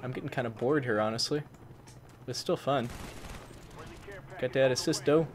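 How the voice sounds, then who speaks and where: A man doing excitable gameplay commentary, who swaps swear words for mild ones like "fudge" and breaks into loud, high-pitched outbursts. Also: a little fast, long pauses. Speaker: gaming channel host. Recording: faint game noise behind. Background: gunfire from the game.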